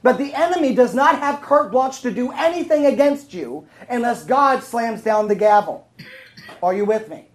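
A woman's voice: fairly high pitch, expressive, normal speed, poor audio. Woman teaching a Bible lesson to a room. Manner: conversational, asks the room questions. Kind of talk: sermon.

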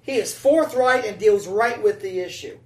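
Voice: mid-range voice, normal speed. A preacher giving a sermon in a chatty, conversational way, often checking in with the congregation with "right?" and "amen?". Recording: roomy sound from a distant mic.

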